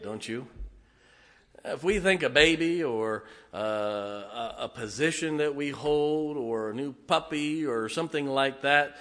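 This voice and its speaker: With a mid-range, fairly bright voice, a middle-aged man gives a sermon in a church sanctuary. It's folksy and joke-filled, sprinkled with sincere emotional moments and many "uh" fillers.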